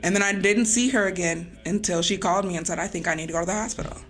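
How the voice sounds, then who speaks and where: A woman podcast host talking through grief in a conversation, halting and pausing to hold back tears. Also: lowish voice, a bit bright.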